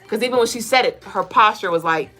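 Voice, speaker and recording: Bright-voiced woman with blunt spiritual talk. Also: mid-range voice, soft background music. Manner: blunt, profane, rapid rhetorical questions. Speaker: podcast co-host.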